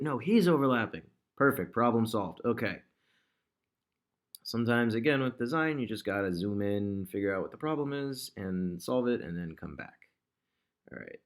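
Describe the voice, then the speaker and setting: A man casually talking through an ad design on screen, thinking aloud and chatting to the objects he moves around. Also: mid-range voice. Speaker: digital marketer demonstrating ad design. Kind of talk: casual screen-recording tutorial.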